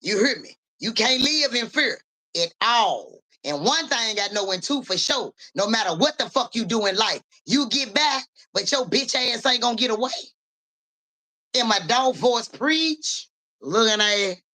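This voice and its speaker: Unhurried yet expressive, this woman's high-ish voice comes across bright and forceful. Livestreaming casually as a psychic reader, she speaks profane street slang, calls out viewers by name, keeps saying "you hear me," and sometimes coughs and clears her throat.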